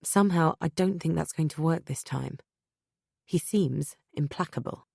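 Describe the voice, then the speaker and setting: Low-voiced woman narrating an audiobook. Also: normal speed, vocal fry, a little mellow, husky, no echo, studio quality. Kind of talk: first-person audiobook narration.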